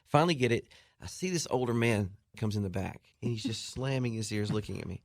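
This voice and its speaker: A man on a radio show telling an animated story, acting out other people's voices and laughing as he goes. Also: fairly quick, dry recording, clean studio sound. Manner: acts out voices with big jumps in pitch and laughs. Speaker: guest musician telling a story. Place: radio studio.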